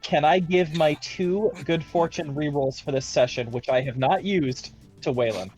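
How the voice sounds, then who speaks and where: A man playing a tabletop game, asking halting, careful questions about the rules. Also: on the high side, a little mellow, faint music behind, low-quality recording. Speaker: player. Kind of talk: live-streamed tabletop game.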